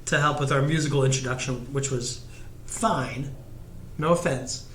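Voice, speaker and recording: A man's voice: medium pitch, fairly even intonation, moderate pace, slight background noise. A man co-hosting a podcast in a studio, talking in an easygoing way and laughing often. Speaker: podcast co-host. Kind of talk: casual chat. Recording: roomy studio sound.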